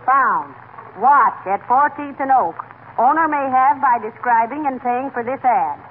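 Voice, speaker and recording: An actress playing a brisk, scolding middle-aged wife with a lilt in a 1940s radio comedy. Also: female voice, sits high. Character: chipper middle-aged wife with a lilting brogue. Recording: tinny old radio broadcast with faint hiss.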